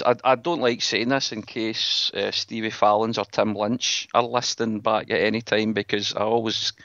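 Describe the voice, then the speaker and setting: A man's voice: fairly low pitch, gravelly, a bit bright, no room sound, dull audio. A Scottish man hosting a podcast, chatting casually and joking with his co-hosts. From Scotland. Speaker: podcast host. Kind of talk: casual chat.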